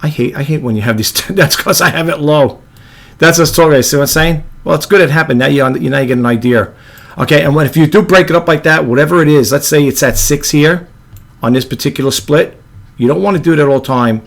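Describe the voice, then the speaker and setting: A man with a low monotone voice, hosting a casual video editing tutorial and rambling with apologetic asides. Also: quick pace, vocal fry. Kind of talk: casual screen-recorded tutorial.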